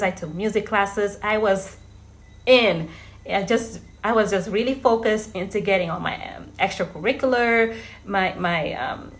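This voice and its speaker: Woman, 30s, from Verde, casual storytelling vlogger, chatty, middle-pitched voice. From Cape Verde. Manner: chatty, often addresses viewers as guys, laughs while telling stories.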